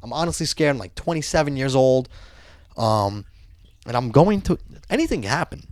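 A man telling a profane, animated story in casual chat. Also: medium pitch, normal speed, dry recording, clean studio sound.

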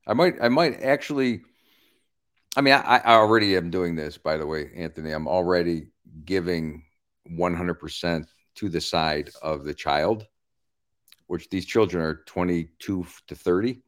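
A middle-aged man, a comedian, chatting on a podcast in an animated, emphatic and profane way. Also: sits low, normal speed. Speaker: comedian guest. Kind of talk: casual podcast chat.

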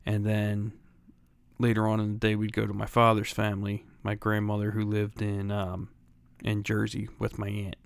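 A man's voice: lowish voice, completely flat delivery, moderate pace, creaky, clean tone, no room sound. A middle-aged man from Philadelphia, co-hosting a podcast, telling a profane, laughing story in casual chat. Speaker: podcast co-host. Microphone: close studio mic.

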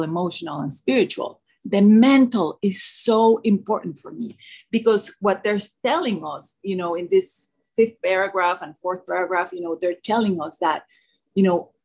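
A woman's voice: medium pitch, slightly rough, poor audio. A woman with a non-native English accent sharing her own story at a twelve-step meeting, earnest and full of "you know" and "like". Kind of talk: personal sharing at a recovery meeting.

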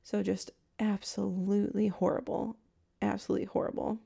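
A woman's voice: medium pitch, level tone, normal speed, gravelly, dark tone, breathy edge. A young woman hosting a true crime podcast, retelling a case in a chatty, emotional way with many fillers. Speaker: podcast host. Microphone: podcast microphone.

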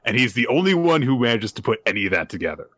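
A man's voice: medium pitch, big pitch swings, rapid-fire, a bit bright, no echo. A man hosting a casual manga review chat, rambling with lots of fillers and cheerful swearing. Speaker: podcast host.

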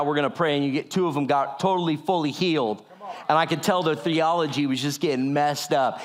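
A man telling a lively sermon testimony. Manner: animated storyteller, acts out quotes with lower voices and laughs. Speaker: speaker sharing a testimony.

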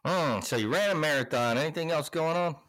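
A man's voice: a little high, brisk, a bit bright. A man co-hosting a podcast in casual chat, laid-back and crude, cracking jokes. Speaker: podcast co-host.

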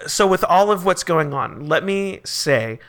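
A young man running a tabletop game as game master, chatty with quick asides and laughs. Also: high-pitched, animated, a bit bright.

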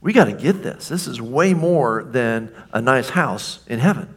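A man's voice: medium pitch, lively intonation, a little slow, slightly rough. A man preaching a sermon to a congregation, chatty and informal, acting out the lines he quotes. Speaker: pastor.

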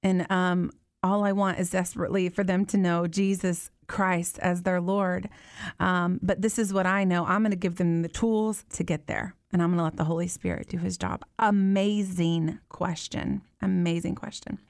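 A woman's voice: fairly low pitch, level tone, moderate pace, no room sound, studio quality. A woman in her thirties hosting a live Q&A chat, talking earnestly and animatedly, with lots of fillers. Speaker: host.

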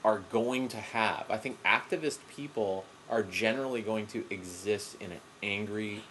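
Podcast co-host, male, low voice, rambling anecdotes, profane, home recording with slight hiss. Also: normal speed, fairly bright tone, low-quality recording. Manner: rambling storyteller, swears freely. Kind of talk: casual profane chat. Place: home room with cats around.

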